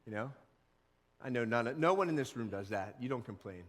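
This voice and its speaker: Lively, animated male pastor preaching. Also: mid-range voice, moderate pace, pauses often, big-room sound. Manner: casual, animated, acts out grumbling workers. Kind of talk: sermon. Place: church sanctuary.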